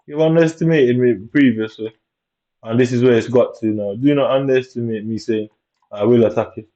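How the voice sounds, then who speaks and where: A man mutters and rants in heavy while commentating his own gameplay. His voice is mellow and dark, and he sounds aggrieved throughout. The recording is dull and lo-fi. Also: medium pitch, brisk.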